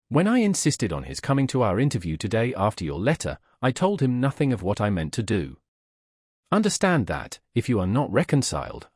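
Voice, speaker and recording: A man's voice: lowish voice, husky, dry recording, studio quality. A man reading as a proud, principled young woman. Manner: firm, measured, appealing to reason.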